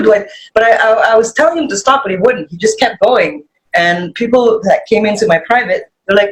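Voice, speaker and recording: This podcast guest talks a little fast through poor audio, telling a lively story on a casual show. She curses freely and her voice shoots up high when she imitates what people said.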